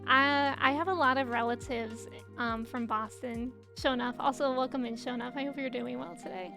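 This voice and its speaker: A woman with a high, slightly nasal voice chats breezily with her viewers while she plays a game. She is bubbly, talkative and quick to laugh. Faint game music plays softly behind her. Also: fairly even intonation, vocal fry. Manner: bubbly, chatty, laughs often. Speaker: streamer. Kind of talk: casual chat while gaming and reading chat.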